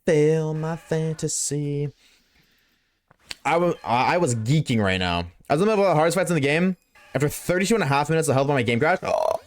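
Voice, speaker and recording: A young man streaming live, reading chat and reacting in a casual, slangy, excitable way, swearing freely. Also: on the high side, rapid-fire.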